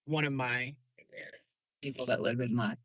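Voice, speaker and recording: A woman hosting a casual podcast chat, a lively storyteller who laughs often and swears casually at her desk microphone. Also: a bass voice, moderate pace, no echo. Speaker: podcast host.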